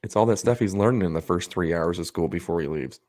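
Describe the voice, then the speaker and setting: A man's voice: deep voice, fast talker. A man co-hosting a podcast, telling a story in casual chat, swearing and acting out the people in it. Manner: animated storyteller, swears, acts out quotes. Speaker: podcast co-host.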